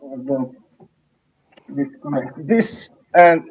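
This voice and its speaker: A man hosting a podcast, chatting casually in a halting way with fillers. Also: medium pitch, lively intonation, darkish tone, husky, low-quality recording. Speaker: podcast host. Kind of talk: casual chat.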